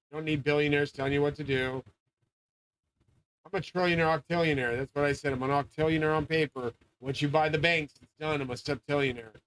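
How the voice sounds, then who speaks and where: Through a low-quality recording, the host of a channel rants in a somewhat high-pitched voice, cursing nonstop. His rambling monologue drifts between topics, is full of grand boasts, and frequently erupts into shouting.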